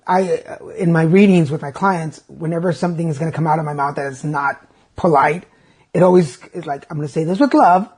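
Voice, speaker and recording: A man's voice: on the high side, steady tone, brisk, a little mellow, slightly rough. A man hosting a casual podcast interview, speaking in a reflective and supportive way. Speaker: podcast host and reader.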